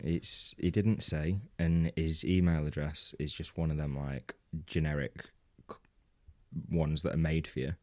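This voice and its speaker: A man's voice: a bass voice, steady tone, measured pace, darkish tone. A man co-hosting a comedy podcast, telling a rambling anecdote in casual banter, laughing often and swearing freely. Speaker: podcast co-host.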